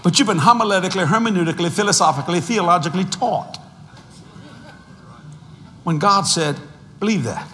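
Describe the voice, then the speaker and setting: Delivering a storytelling sermon, this preacher in his sixties shouts without warning and stretches important phrases out slowly and deliberately. He has a high voice, heard with a long reverb tail and a slight hiss or hum.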